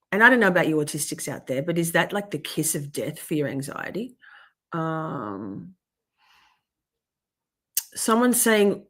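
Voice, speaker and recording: Young woman venting on her stream, trips over her words a lot, swears plenty, average pitch. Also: expressive, a little slow, fairly bright tone. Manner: rambling, self-interrupting, frequent swearing. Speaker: livestreamer reading chat. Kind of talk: emotional personal livestream talk.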